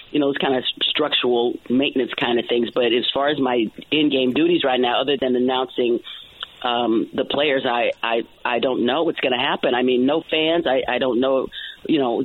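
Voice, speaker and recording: A man speaking over a tinny, narrow phone line. He sits at a medium pitch and keeps stopping, restarting and repeating words as he chats. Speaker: ballpark public address announcer. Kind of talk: casual phone-in chat. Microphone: telephone.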